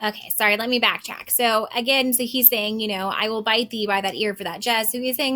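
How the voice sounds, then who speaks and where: Woman teacher, fairly high and bright, casual explainer with lots of ums. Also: fairly quick, hardly any pauses. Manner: casual explaining with many fillers, reads the lines with more lift. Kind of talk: reading a play aloud and explaining it.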